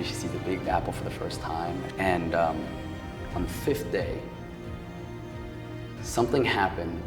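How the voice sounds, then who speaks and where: A low-voiced man from Paterson, New Jersey, speaks as a podcast guest in a large hall. He tells a personal story in a casual, emotional way, leaning heavily on "like" and "um."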